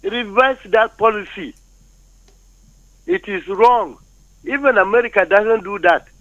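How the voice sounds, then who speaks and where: A Nigerian man phones in to a talk show and lays out his views forcefully, teasing the host along the way. His voice sits a bit high, and the line is muffled and dry. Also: measured pace, no room sound. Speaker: phone-in caller. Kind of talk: call-in opinion.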